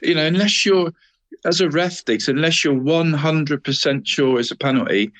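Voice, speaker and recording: A chatty co-host with a lilt, going on at length about a match. His voice sits a little higher than most men's, and he peppers every sentence with "mate" and tag questions. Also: moderate pace, fairly bright tone. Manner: rambling, says "mate" constantly. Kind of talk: casual football chat.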